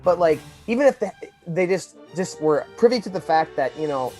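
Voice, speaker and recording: A man co-hosting a casual podcast, rambling and animated, often acting out quoted lines. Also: fairly high pitch, moderate pace, faint music behind. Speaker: podcast co-host.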